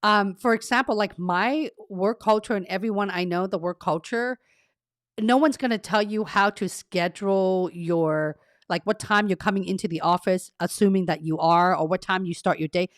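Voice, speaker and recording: A woman career coach and livestream host chats casually with viewers, reading their comments aloud and laughing at her own expense. Her mid-range voice moves at normal speed, and the carpeted, echo-treated home room yields studio-quality sound with no room tone.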